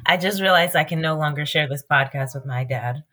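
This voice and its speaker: A woman co-hosting a podcast in casual chat, candid and quick to laugh. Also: sits low, a bit bright. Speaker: podcast co-host.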